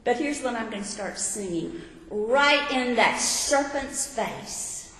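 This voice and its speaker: A woman's voice: on the high side, expressive, takes it slowly, a bit bright. A woman teaching a sermon to a women's audience, emphatic and repeating her key points with questions to the listeners. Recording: echoey hall, voice carrying.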